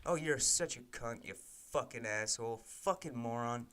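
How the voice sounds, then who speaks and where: A man's voice: medium pitch, moderate pace, fairly bright tone, slight background noise. A man live-streaming as he codes a game, casually muttering code terms and breaking into frustrated, profane rants. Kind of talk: casual live-stream commentary while coding.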